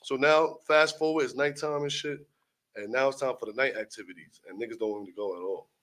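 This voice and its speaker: A man's voice: medium pitch, quick pace, fairly bright tone, poor audio. A young man from Brooklyn with a New York accent, a rapper telling a long, profane story as a guest and acting out the other people in it. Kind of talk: animated storytelling.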